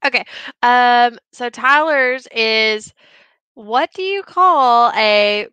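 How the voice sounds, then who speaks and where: A chatty, teasing woman co-hosts a casual chat show. Her voice is bright, crisp and smooth, and the sound is dry and close. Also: on the high side, extremely slow, dry recording, lo-fi sound. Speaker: co-host.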